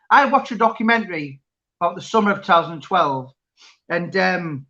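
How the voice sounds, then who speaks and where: A man's voice: high-pitched, bright, forceful tone, muffled recording. A man chatting casually as interviewer, rambling with many restarts. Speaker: interviewer and author. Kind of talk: casual chat.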